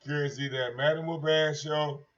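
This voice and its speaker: A high-voiced man holds forth on his own livestream in a brash, profane and mocking way, circling back over the same points. His voice comes through dull, lo-fi stream audio. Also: steady tone, moderate pace. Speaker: livestream host. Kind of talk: casual livestream rant.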